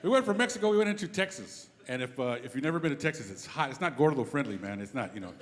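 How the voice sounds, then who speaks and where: A middle-aged man doing a live stand-up routine on a club stage, telling animated stories and slipping into character voices. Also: medium pitch. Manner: animated, quick storytelling that slips into acted character voices. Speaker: stand-up comedian. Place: comedy club stage before a live audience. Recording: reverberant live room with steady background noise.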